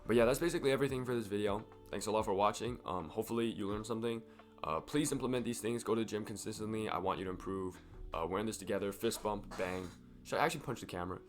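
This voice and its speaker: Croaky sick young guy rambling fast about the gym, kinda low voice, music faint behind. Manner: rambling, profane, chatty. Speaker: fitness vlogger. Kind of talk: casual to-camera vlog.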